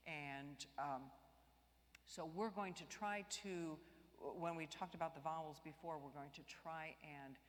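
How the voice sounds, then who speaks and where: A woman choir director leading a live vocal warm-up workshop, demonstrating exercises by singing and encouraging the group with light jokes. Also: low voice. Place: large church. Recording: long church reverb.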